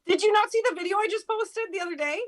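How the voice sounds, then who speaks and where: A woman's voice: extremely high pitch, fast talker. A woman, a radio host appearing as a guest, chatting casually and telling stories with flair. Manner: animated storyteller, acts out quotes. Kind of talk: casual chat.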